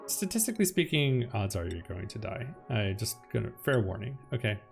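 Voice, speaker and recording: A man hosting a game let's play, chatting casually as he plans his base and reacts with loud alarm when things go wrong. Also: lowish voice, a little fast, gravelly. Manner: chatty, swings between calm planning and loud alarm. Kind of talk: casual gameplay commentary. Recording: music playing behind the voice.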